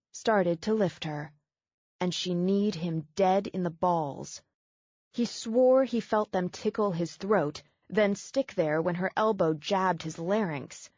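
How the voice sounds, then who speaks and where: Steady audiobook narrator, a woman, dry close sound with muffled highs. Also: dry recording.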